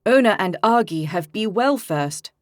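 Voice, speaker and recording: A woman voicing a loyal male creature companion who speaks in slow, halting broken phrases. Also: mid-range voice, animated, no room sound, clean studio sound, close to an everyday voice. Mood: earnest.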